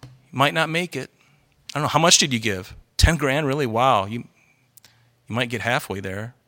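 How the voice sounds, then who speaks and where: Casual mocking guy sneering about who gave how much, as a preacher puts him on, bright pushy voice. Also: medium pitch, moderate pace, natural voice. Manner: mocking, sarcastic. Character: greedy man judging people's giving.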